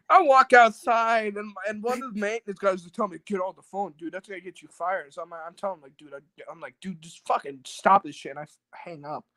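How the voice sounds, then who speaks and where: A talk-show guest with a high-sitting voice rambles through a casual story, swearing, using many fillers, and acting out others' words. He speaks a little fast with a bright, forceful tone, in a low-quality recording with no room sound.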